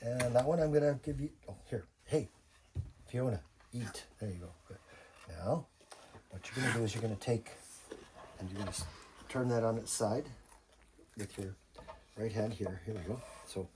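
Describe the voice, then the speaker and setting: In a home kitchen, an older grandfather with a lowish voice patiently teaches a child to cook step by step, joking as he goes. He speaks at a normal speed and pauses often, over loud background noise and chopping.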